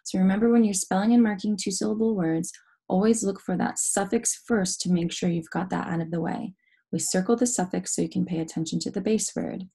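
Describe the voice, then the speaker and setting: A woman's voice: mid-range voice, steady tone, a little fast, vocal fry, warm tone, breathy edge. A young adult woman teaching an online phonics lesson, explaining each step patiently.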